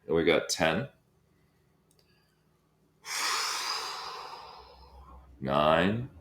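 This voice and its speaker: Breathwork instructor, male, low register, calm coaching cadence, echoey room. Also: normal speed. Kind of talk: guided breathwork session. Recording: roomy echo.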